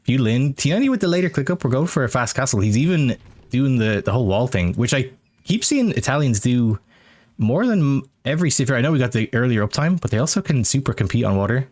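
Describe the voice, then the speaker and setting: A man co-casting a strategy game live, chatty and quick to laugh. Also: medium pitch, very animated, a little mellow. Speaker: guest co-caster.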